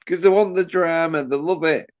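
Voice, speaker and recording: A man hosting a livestream rants crudely and mockingly while reading the chat aloud, in a casual style. His voice is fairly high with fairly even intonation at a normal speed. The recording is dry, dull, lo-fi stream audio.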